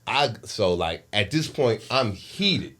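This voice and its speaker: A man in his forties, a podcast co-host, telling a personal story in casual chat with emotional, animated delivery. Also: fairly low pitch, slow. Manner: animated, emotional retelling with lively shifts in loudness.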